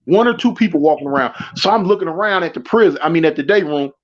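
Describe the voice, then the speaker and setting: Californian man, high voice, animated storyteller who laughs and plays every character, muffled stream sound. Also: fast. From Southern California. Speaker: storyteller guest. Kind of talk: casual storytelling. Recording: dull lo-fi stream audio.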